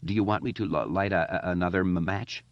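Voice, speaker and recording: A man's voice: deep voice, fast, no echo. A man voicing a frightened boy who stutters heavily, reading in a slightly dull, lo-fi recording. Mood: halting, frightened. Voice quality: heavy stutter. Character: stuttering boy, scared but leading.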